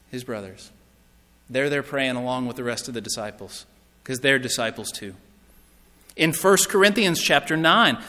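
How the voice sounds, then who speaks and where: A man preaching a sermon, telling the story with swings between loud, lively lines and hushed ones. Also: fairly high pitch, in a large hall.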